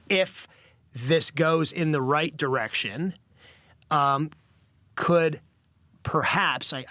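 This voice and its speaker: A man speaking as a guest correspondent in a news interview, earnest and halting with frequent restarts. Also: medium pitch, bright, forceful tone, no room sound. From United States.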